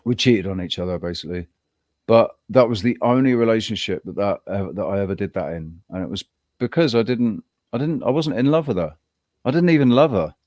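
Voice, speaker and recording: A man co-hosting a podcast, telling a personal story in a rambling, halting way with frequent restarts. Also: on the low side, animated, darkish tone, no echo. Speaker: podcast co-host. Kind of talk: casual chat.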